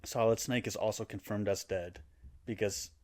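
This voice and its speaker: A man's lowish voice moves at a moderate pace as he co-hosts a podcast, chatting casually about a video game's story. He tells it with energy, putting on character voices and laughing through the lines he acts out.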